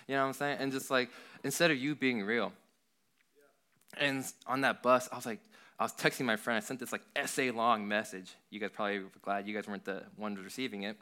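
A man's voice: mid-range voice, steady tone, brisk, bright, forceful tone, smooth. A young adult man, a worship leader, giving a casual youth sermon in an earnest, rambling way, full of "like". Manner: earnest, rambling, heavy use of "like".

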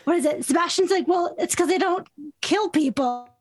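High-voiced excited woman. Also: no room sound. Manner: excited, quick retelling with laughs. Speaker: podcast co-host. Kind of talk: casual book chat.

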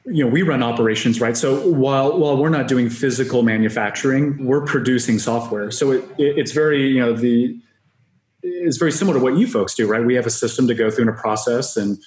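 A man as a software company guest on a podcast, upbeat business talk with frequent restarts. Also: mid-range voice, fairly quick. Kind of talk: podcast interview. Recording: roomy echo.

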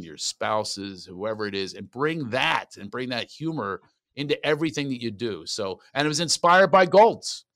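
A man with a bright, forceful voice in the middle of the pitch range, chatting in an interview. He tells stories with lots of energy and laughs often. The sound is dry and close. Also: no echo. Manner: animated storyteller, laughs often. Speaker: comedian and coach. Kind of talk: casual interview chat.

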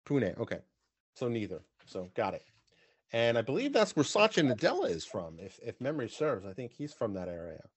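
Casting note: chatty male podcast host, dry close sound, mid pitch. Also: sing-song, fairly quick, slightly rough, no echo. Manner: chatty, rambling with fillers and restarts. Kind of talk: casual video-call interview.

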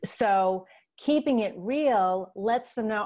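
A woman's voice: mid-range voice, a little slow. A middle-aged woman with a New York accent, a guest on a podcast, talking candidly and openly. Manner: candid, warm, straightforward. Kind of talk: casual interview chat.

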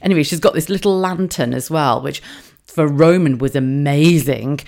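A podcast host in her thirties tells everyday stories in a low, easygoing voice. She talks casually and swears a lot. She often breaks into laughter as she goes. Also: moderate pace, creaky, a little mellow. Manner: chatty, sweary storytelling with frequent laughs. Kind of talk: casual monologue.

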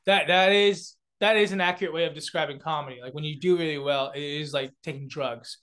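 A man's voice: on the high side, steady tone, a little fast, a bit bright. A young man from South Korea, a comedian and beatboxer, chatting as a guest with lots of fillers, restarts and laughter. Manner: rambling, many filler words and restarts, laughs often. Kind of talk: casual interview chat.

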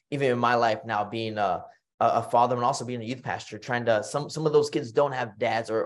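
A man with a Texan accent, a retired boxer and guest on a podcast, telling personal stories in a casual, animated way, often acting out what others said and restarting his sentences. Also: medium pitch. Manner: animated storytelling, acts out quoted voices, frequent fillers and restarts. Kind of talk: storytelling in casual conversation.

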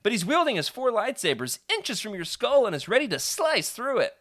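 A man's voice: very high-pitched, very animated, brisk, fairly bright tone, voice pushed up, exaggerated voice. A man voicing an eager young boy, a friend urging adventure in a read-aloud storybook. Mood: playful.

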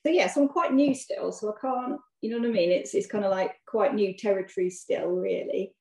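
Fast-talking English woman in an echoey room. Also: medium pitch, mellow. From England. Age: 40s. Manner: chatty, laughs often, many repeated tag questions. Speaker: podcast guest. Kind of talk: casual chat. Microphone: video call.

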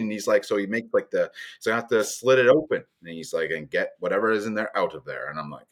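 A man as a podcast guest, telling a story in a casual, animated way, his voice jumping up when he recounts his alarm. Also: fast. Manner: animated, pitch leaps when retelling alarm, laughing through the story.

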